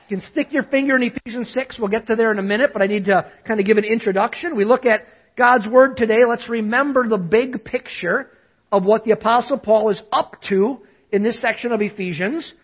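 A male pastor with a husky, slightly rough voice delivers a lively sermon, asking the congregation to say lines back to him. The recording sounds dull and lo-fi. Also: high-pitched, fairly quick. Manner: lively preaching, calls on listeners to repeat after him.

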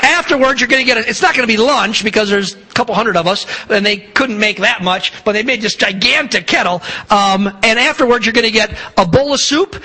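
A male pastor stands before his congregation, talking in a loose, rambling way full of restarts and fillers. His voice sits high and bright. It is the sound of a church announcement and introduction. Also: fairly quick, few pauses, breathy edge, poor audio. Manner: rambling, warm-hearted with frequent restarts and fillers. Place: church sanctuary.

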